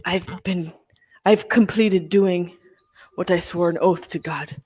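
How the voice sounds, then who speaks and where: A woman's voice: lowish voice, fairly even intonation, slow pace, darkish tone, breathy edge, no echo. A woman in her thirties hosting a live movie watch-along from home, rambling and joking with crude humor while stoned. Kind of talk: casual live-stream chat. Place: house, at home.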